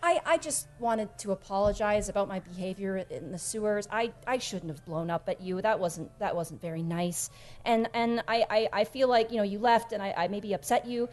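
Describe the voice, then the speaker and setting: A timid young woman, as a game master puts her on, halting and stammering through every sentence in a tabletop game. Her words tumble out with many restarts, and she sounds eager to make amends. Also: medium pitch, close to an everyday voice. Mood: apologetic.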